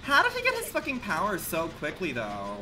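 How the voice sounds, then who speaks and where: A man streaming a game live, reacting in an animated, exclamatory way with slangy, profane banter. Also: sits high, a little fast, noisy background. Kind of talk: live gaming commentary.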